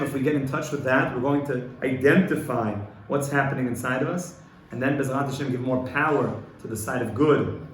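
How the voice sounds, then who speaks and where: A man gives an earnest Torah lesson to a small group, his delivery rhythmic and rising louder when he drives a point home. The room around him is echoey, with a faint hum of ambience underneath. His pitch sits in a middle register. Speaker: rabbi teaching a class. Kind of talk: Torah class lecture.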